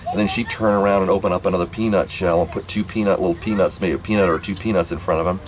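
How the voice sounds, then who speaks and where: A man's voice: sits low, steady tone, very fast, rough recording. A man telling a family story in a rambling, casual monologue, full of repeats and restarts. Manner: rambling, repetitive, many restarts.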